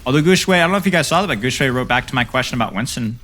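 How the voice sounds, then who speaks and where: Lively man coaching gameplay on stream. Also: mid-range voice, rapid-fire. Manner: lively and playful, teasing chat between tips. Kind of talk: casual coaching commentary to stream chat.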